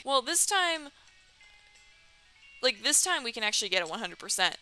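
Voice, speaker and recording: A young woman giving animated, giggly commentary on her game playthrough and reading its text aloud. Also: on the high side, normal speed, pauses often, soft background music. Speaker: let's player. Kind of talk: casual gameplay commentary.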